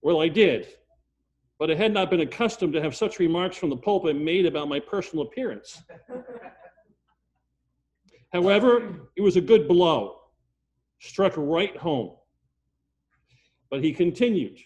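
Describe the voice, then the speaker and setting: Older male preacher, slightly high voice, emphatic and repetitive, with swings from loud to hushed. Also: expressive, unhurried, pauses often. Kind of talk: sermon storytelling.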